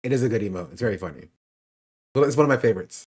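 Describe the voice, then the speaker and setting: A man's voice: on the low side, expressive, rapid-fire, background noise. A man hosting a stream, chatting casually with laughing asides. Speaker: streamer host.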